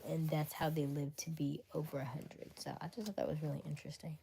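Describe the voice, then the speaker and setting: Low-voiced woman telling stories animatedly. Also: fast talker, creaky, slight background noise. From Florida. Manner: animated, acts out quotes with sudden high squeals; chatty with frequent fillers and restarts. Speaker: livestream host. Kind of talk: casual storytelling on a livestream.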